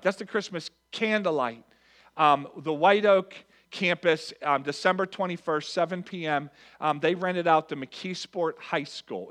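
A man with a somewhat high-pitched voice reads out church announcements to his congregation. He keeps it earnest and conversational, speaking straight to the people in front of him. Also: a bit bright. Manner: earnest and conversational, addressing the crowd directly. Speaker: pastor.

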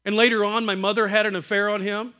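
A fast-talking middle-aged man with a high voice delivers a sermon built on family stories. He performs the characters' voices with animation and keeps breaking into laughter.

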